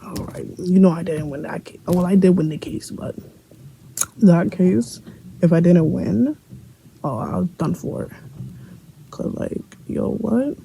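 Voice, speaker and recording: A young woman from Brooklyn with a New York accent tells a casual storytime for her vlog, blunt and profane, playing out everyone's lines as she goes. Her voice is dark and gravelly, with a faint hiss of room noise behind her. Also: on the low side, a little slow, long pauses, low-quality recording. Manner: blunt, profane and joking, acts out the other people's lines. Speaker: vlogger telling a story.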